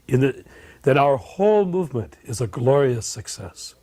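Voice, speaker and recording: A man's voice: medium pitch, lively intonation, normal speed, darkish tone. A man telling an anecdote with amusement, raising his voice for quoted lines. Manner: amused, laughing as he tells it. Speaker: disciple recalling his teacher.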